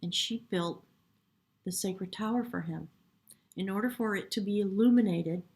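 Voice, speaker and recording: A woman giving a spiritual tarot reading in a soft, reverent way, sometimes dropping to a hush and getting choked up. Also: medium pitch, normal speed. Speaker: tarot reader.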